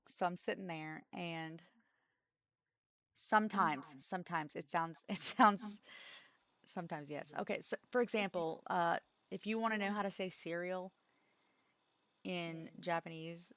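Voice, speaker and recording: A woman's voice: lowish voice, steady tone, unhurried, vocal fry, pauses often, fairly bright tone, no echo. A woman co-hosting a game stream from home, telling a rambling story in casual chat and breaking into giggles. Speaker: streamer co-host.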